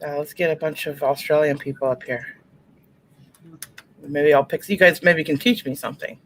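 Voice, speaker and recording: A woman's voice: sits low, fairly even intonation, moderate pace, low-quality recording. Playful woman host of a webcam chat show, faint noise behind her. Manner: laughs often, playful. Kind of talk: casual video chat.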